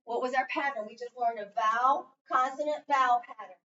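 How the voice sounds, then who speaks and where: A woman's voice: sits high, a little fast, pushed and bright. A woman teaching a phonics lesson in a classroom, patient and coaching, with frequent encouragement. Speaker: reading teacher. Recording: distant, dull lo-fi classroom recording with faint noise.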